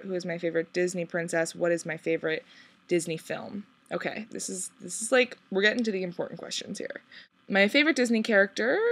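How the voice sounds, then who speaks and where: A woman's voice: fairly low pitch, a bit bright. A young woman answering viewer questions in a casual vlog, giggling, swearing freely and rambling with lots of "like". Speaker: vlogger on a shared channel.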